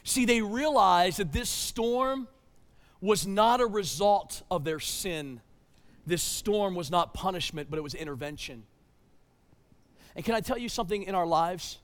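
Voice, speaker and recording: A man with a high, ringing voice preaches a sermon, pressing his points with urgency and then dropping to a hush. He stumbles into repeated words as he restarts a thought. The sound carries the long reverb of a large church hall. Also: unhurried. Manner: emphatic, swings between loud urgency and hushed tones. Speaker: pastor.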